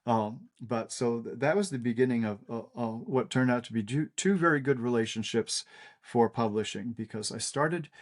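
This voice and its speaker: An older man, a cartoonist guest, telling stories in a casual interview, halting with many fillers and restarts. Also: on the low side.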